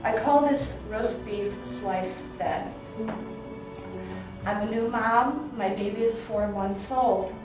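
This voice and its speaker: A young woman telling an improvised comic story on a small stage, lively and getting excited as she acts out her own lines. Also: a little high, takes it slowly, over music. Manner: animated, builds to excited yelling when quoting herself. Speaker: storyteller performer. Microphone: far room recording from the audience. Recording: echoey theater recorded from far off.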